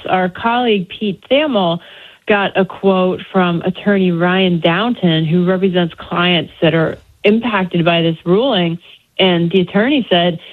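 Woman reporting over a tinny phone line. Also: lowish voice. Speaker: sports reporter.

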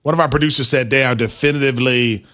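A man with a Midwestern accent co-hosting a casual sports chat, animated and laughing easily. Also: mid-range voice, fast. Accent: Midwestern American. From Milwaukee, USA. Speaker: podcast co-host.

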